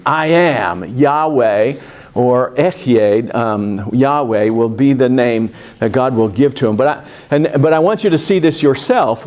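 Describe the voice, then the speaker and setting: Man, Bible study teacher, church class lesson, middle pitch, conversational, many fillers and restarts. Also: a little mellow.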